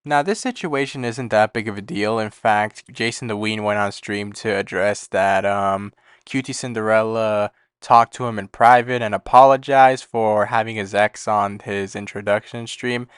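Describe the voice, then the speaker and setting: A man's voice: lowish voice, fairly even intonation, normal speed, clean tone, dry recording, clean studio sound. A man giving casual, blunt, profanity-heavy commentary on streamer drama. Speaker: commentary YouTuber.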